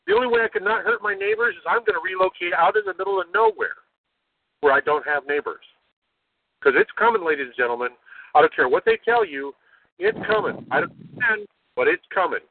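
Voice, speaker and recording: An older American man, a guest on a call-in talk show, ranting forcefully and ending points with "okay?". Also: sits high, big pitch swings, brisk, vocal fry. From United States. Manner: forceful, preachy, keeps adding "okay?". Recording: tinny phone line.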